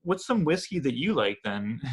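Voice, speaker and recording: Young canadian dude cohosting a podcast, laid-back rambling chat. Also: male voice, mid-range voice, big pitch swings, unhurried, husky. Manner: laid-back, many filler likes and restarts. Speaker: podcast co-host. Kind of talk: casual chat.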